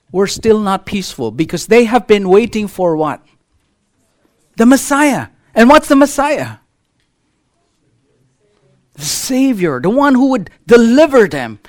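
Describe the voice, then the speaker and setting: This middle-aged pastor's sermon uses a children's illustration, and he speaks from the pulpit in an unusually high voice. Swinging up and down in pitch through the story, he repeatedly poses rhetorical questions to his listeners.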